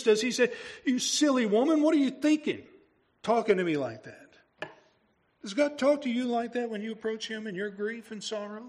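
In a high voice, a man pastor delivers a sermon in a conversational style, peppering it with rhetorical questions.

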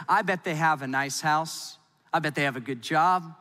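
High-voiced guy preaching, chatty and playful, lots of echo off the church walls. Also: brisk. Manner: lively, playful, conversational preaching. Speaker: pastor. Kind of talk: sermon.

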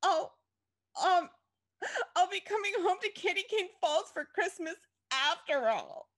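A woman's voice: very high-pitched, expressive, unhurried, a bit bright, voice pushed up, full character voice. A woman voicing a brash, ambitious young businesswoman in a storybook reading, speaking with theatrical indignation. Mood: tearful.

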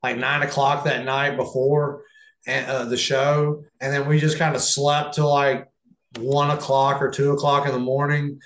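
A man's voice: mid-range voice, flat delivery, unhurried, a bit bright. A man, a professional wrestler, telling stories in a casual interview, rambling with many restarts. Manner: rambling, restarts, acts out quotes. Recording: echoey room.

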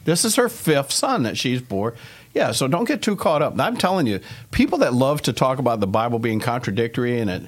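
Man, Bible study podcast host, casual chat, jokey, teasing, mid-pitched voice. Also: sing-song, a little fast.

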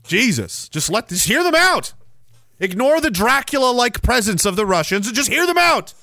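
A man's voice: very high-pitched, very animated, normal speed, pushed and bright, no echo, studio quality. A young adult man hosting a podcast, ranting sarcastically with profanity and rambling asides. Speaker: podcast host. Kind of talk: casual ranting commentary.

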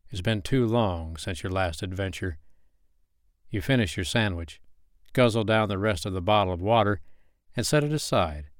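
A man narrating an erotic audio story in second person, in a slow, measured, soothing way. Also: lowish voice, no echo, clean studio sound.

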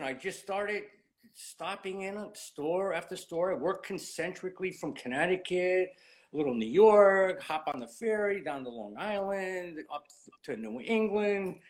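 A man in his late fifties with a somewhat high voice tells long, meandering stories from his working life. He peppers everything with "you know" and acts out the old conversations. The tone is an easy interview chat. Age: 50s. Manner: rambling, animated anecdotes full of "you know". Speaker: guest, cigar industry veteran. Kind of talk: casual storytelling interview.

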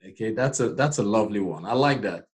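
This Nigerian podcast host talks fast in a lowish, animated voice, his Nigerian accent clear. His motivational talk comes across as forceful, preacher-style encouragement.

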